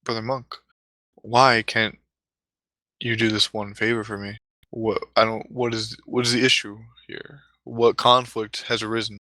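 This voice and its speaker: An earnest male monk student presses his request, a man speaking him in his own voice. The tone is bright and forceful, sitting a little low. The sound is dry and close, as in a told story. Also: level tone, a little slow, dry recording. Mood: pleading.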